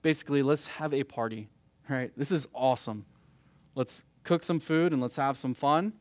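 A man's voice: medium pitch, moderate pace, no echo. A man in his thirties teaching a youth group verse by verse through a Bible passage, conversational and peppered with "right?" asides. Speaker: youth pastor.

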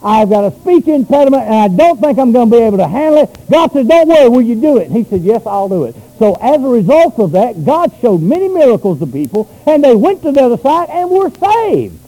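A pastor preaching a sermon, swinging between loud shouted runs and quiet low asides. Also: male voice, sing-song, brisk, few pauses, poor audio.

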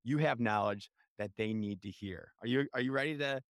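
A man's voice: mid-range voice, a little fast, no room sound, clean studio sound. A man with a Chicago accent hosting a podcast interview, talking with energy and enthusiasm. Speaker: podcast host.

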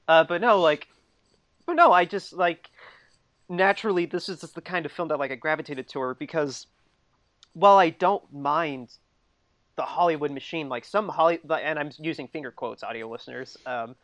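A podcast co-host in his thirties rambles through casual chat, using lots of fillers and laughing often. His voice is on the high side with a fairly bright tone, at normal speed, on a dull, dry lo-fi recording with no echo.

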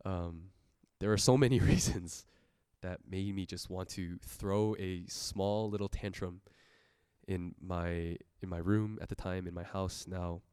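A man's voice: low-pitched, fairly even intonation, a little slow, darkish tone, clean tone, dry recording, clean studio sound. A young man giving an earnest, personal sermon testimony, laughing often as he talks. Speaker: church speaker giving a testimony.

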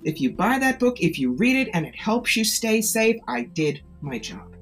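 A woman author and psychic tarot reader in an interview, telling stories in an animated, emphatic and persuasive way. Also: fairly high pitch, moderate pace, faint music behind. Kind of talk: interview conversation.

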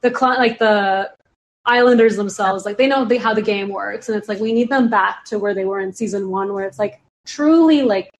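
A woman chats on a podcast in a loose, rambling way, peppering her sentences with "like". Her voice sits at an ordinary middle pitch for a woman. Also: moderate pace. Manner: rambling, heavy use of "like". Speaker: podcast guest or host. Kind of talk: casual podcast chat.

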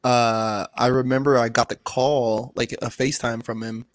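A man's voice: mid-range voice, flat delivery, moderate pace, no room sound. A man in his thirties co-hosting a casual podcast, talking in a mid-range voice. He swears freely and tells heartfelt stories about family. The recording is dry and close. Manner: profane, emotional storytelling. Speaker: podcast co-host.

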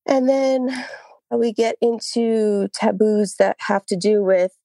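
A woman's voice: on the high side, slow, warm tone, no echo. A woman co-hosting a podcast in casual chat, out of breath, laughing often and reading notes aloud. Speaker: podcast co-host.

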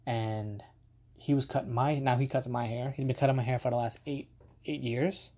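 A man's voice: mid-range voice, steady tone, moderate pace, darkish tone. A man, hosting a podcast and telling a rambling, casual story full of asides and the odd swear word. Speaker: podcast host.

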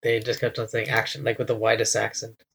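A man's voice: mid-range voice, completely flat delivery, fast talker, gravelly, fairly bright tone, slightly rough. A man chatting casually with friends in a laid-back way. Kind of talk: casual chat.

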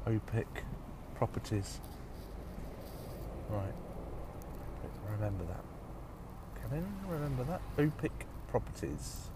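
A man's voice: mid-range voice, sing-song, slow pace, long pauses. A man grumbling and swearing to himself while driving in traffic, with wry asides. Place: inside a car in traffic. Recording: road and engine noise in car.

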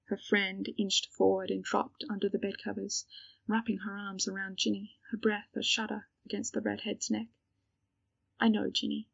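Woman narrating a story, husky. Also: medium pitch, level tone, normal speed, no room sound, lo-fi sound. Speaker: reader. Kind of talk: audiobook narration of fan fiction.

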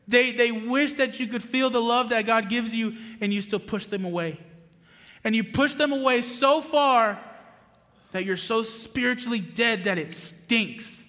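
A pastor preaching a passionate sermon in a church, moving between loud emphatic bursts and quiet asides. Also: male voice, very high-pitched, unhurried. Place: church sanctuary. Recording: long hall reverb with music underneath. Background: music playing under the preaching.

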